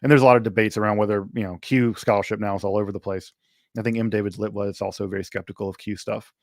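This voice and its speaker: Hosting a livestream Q&A, a man from Mississippi chats casually, full of fillers and restarts. He speaks extremely fast in a lowish voice with fairly even intonation. The recording is echo-free and studio quality.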